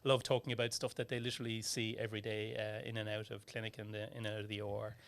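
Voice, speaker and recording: A man with an Irish accent hosting a medical podcast in casual chat, pausing often with fillers. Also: fairly low pitch, level tone, creaky, fairly bright tone. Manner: hesitant, many fillers. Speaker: podcast host. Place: Melbourne studio.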